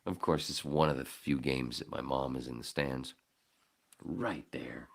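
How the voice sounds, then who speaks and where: A man hosting a podcast, telling a story casually with lots of swearing and acting out his own shouting. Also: very deep voice, measured pace, creaky. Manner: profane, animated, acts out his own shouting. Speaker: podcast host.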